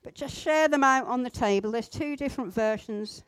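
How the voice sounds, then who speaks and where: A woman teaching a group how to pray, gentle and instructive, with pauses. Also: a little high, clean tone, dry recording. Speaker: church group leader. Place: indoor room with a group at tables.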